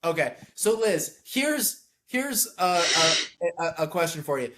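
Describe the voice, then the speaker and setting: A man's voice: on the high side, big pitch swings, slow, sharp tone, a little hiss or hum. A man co-hosting a podcast in casual chat, swearing freely and answering with frequent repeated yeahs. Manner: profane, many repeated yeahs. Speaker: podcast co-host.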